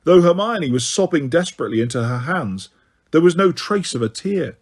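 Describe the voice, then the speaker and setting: Man narrating an audiobook, somewhat high voice. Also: big pitch swings, brisk, a little mellow, husky.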